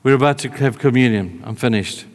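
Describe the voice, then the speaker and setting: A man preaching a sermon in a church hall, conversational, moving between emphatic calls and hushed, tender asides. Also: mid-range voice, brisk.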